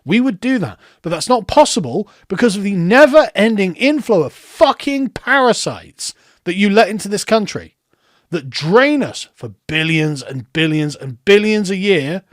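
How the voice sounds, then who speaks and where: A man's voice: sits high, very animated, moderate pace, dry recording, studio quality. A man, ranting in heated, sarcastic political commentary.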